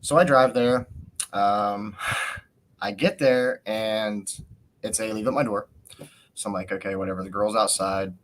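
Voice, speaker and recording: A man's voice: on the low side, a little slow, pauses often, a little hiss or hum. Ranting man telling a delivery story. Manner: animated rant, swears often, acts out quotes. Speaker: podcast host. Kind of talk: casual storytelling.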